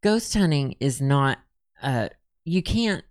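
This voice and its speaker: A man's voice: medium pitch, big pitch swings, takes it slowly. A man co-hosting a casual podcast chat, reading old testimony aloud with a lifted, dramatic delivery. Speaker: podcast co-host.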